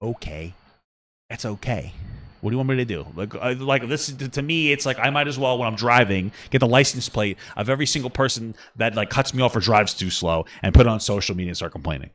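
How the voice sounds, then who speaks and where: A man co-hosting a podcast, ranting with a lot of swearing and swinging between low mutters and yelling. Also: expressive, fast. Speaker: podcast co-host. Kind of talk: casual podcast chat.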